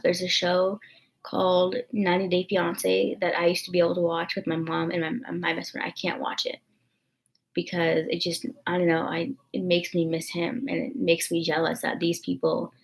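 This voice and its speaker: Young woman venting on her vlog, kinda low voice, lots of fry, rambly and emotional. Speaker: vlogger. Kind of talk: casual confessional vlog chat.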